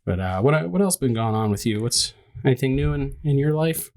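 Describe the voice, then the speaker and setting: A man's voice: medium pitch, lively intonation, brisk, darkish tone. A man hosting a podcast, talking casually, laughing often and telling stories with crude jokes. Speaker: podcast host. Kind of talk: casual chat.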